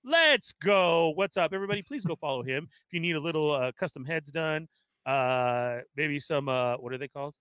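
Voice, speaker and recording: Male livestream host, high and punchy, dry close mic, shout-out energy. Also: clear, resonant tone, no echo. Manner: energetic, reads viewer shout-outs rapid-fire. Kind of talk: casual live-stream chat.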